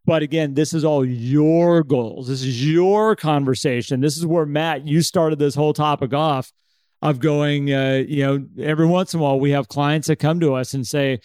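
A man's voice: fairly high pitch, normal speed, clean tone, no echo. A man co-hosting a casual podcast chat, talking with energy and acting out an inner voice. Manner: animated, acts out an inner voice. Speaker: podcast co-host.

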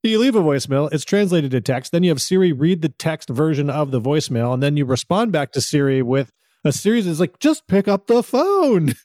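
A man's voice: on the high side, animated, fairly quick, darkish tone, no echo, clean studio sound. A man co-hosting a podcast in casual chat, giving firm opinions and laughing between points. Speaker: podcast co-host.

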